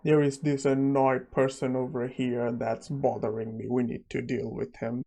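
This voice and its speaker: Arrogant rich bully, blustering threats, gravelly, flat delivery, as a man reads him. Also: medium pitch, moderate pace. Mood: scornful.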